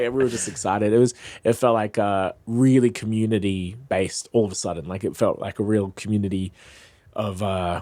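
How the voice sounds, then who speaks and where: A man who is a freestyle MC, chatting as a podcast guest, telling lively stories with frequent laughs and acted-out quotes. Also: on the low side, normal speed, no room sound. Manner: lively, laughs often, acts out quoted voices. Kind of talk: casual storytelling chat.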